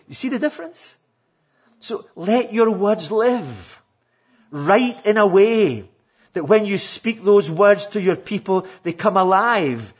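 A man who is a pastor, earnestly exhorting fellow preachers in a sermon-style talk, with a husky voice. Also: sits high, animated, a little slow.

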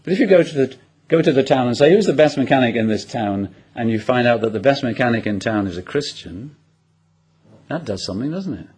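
A man's voice: mid-range voice, lively intonation, fairly quick, darkish tone, husky. A man preaching an expository sermon, asking the congregation rhetorical questions and illustrating points with personal anecdotes.

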